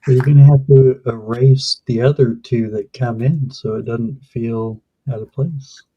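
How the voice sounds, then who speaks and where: Husky-voiced man chatting on a livestream. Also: medium pitch, fairly even intonation, unhurried, highs cut off. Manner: chatty, reads out news and announcements to viewers. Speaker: livestream co-host. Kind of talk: casual chat.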